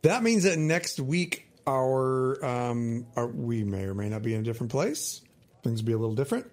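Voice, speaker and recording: A man's voice: mid-range voice, animated, moderate pace, darkish tone. Playful teasing man co-host. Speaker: podcast co-host. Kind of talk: casual chat.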